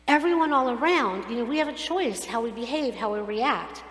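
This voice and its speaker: A woman rabbi giving a sermon, telling stories in an animated, earnest way. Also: fairly high pitch, fairly quick, few pauses. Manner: animated storytelling, earnest and preachy. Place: synagogue sanctuary. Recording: echoey hall, long reverb.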